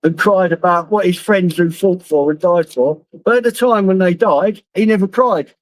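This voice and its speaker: A middle-aged Londoner with a high voice talks at a normal speed to his stream viewers on his phone while he drives, rambling casually, swearing plenty and laughing at his own stories. The poor-quality audio has no room sound.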